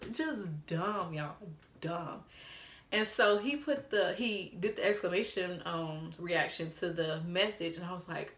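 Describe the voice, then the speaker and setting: A woman in her twenties telling a story to camera, animated and profane, laughing as she acts out old text messages. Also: fairly low pitch, takes it slowly, reverberant. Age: 20s. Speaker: storytime vlogger.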